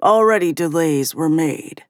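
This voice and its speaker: Brief: a woman as a gravelly, cold old councillor, slow and distrustful. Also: low voice, no room sound, clean studio sound. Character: hostile ancient male councillor.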